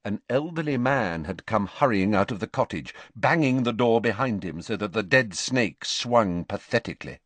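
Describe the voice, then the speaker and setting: A man narrating an audiobook in a measured, expressive storytelling voice. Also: fairly low pitch, no room sound. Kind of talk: scripted narration.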